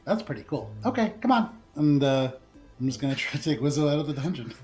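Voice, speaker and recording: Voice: mid-range voice, animated, fast talker, a little mellow, faint music behind. Joking tabletop player, casual. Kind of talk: tabletop game play.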